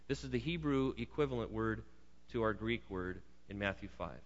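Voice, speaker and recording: A man's voice: fairly low pitch, normal speed. Male pastor, conversational sermon with jokey asides; dull, reverberant hall sound.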